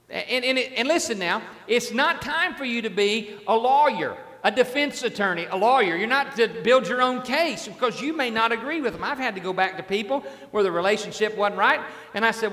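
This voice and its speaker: A man's voice: high-pitched, bright, forceful tone, long reverb tail. A man preaching a sermon as a pastor, in a conversational way, often repeating his words and asking the congregation questions.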